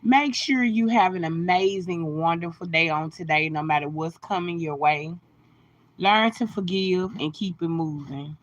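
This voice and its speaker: A woman's voice: on the low side, unhurried, lo-fi sound. A woman hosting a casual phone live stream, greeting viewers by name and giving encouraging, sermon-like talk. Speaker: livestream host.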